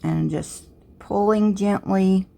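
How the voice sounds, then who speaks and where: A woman's voice: mid-range voice, slow, gravelly. A middle-aged woman with a Southern US accent who talks through a crafts tutorial step by step and thinks aloud as she works. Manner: relaxed, thinking aloud while working. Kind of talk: casual step-by-step tutorial narration.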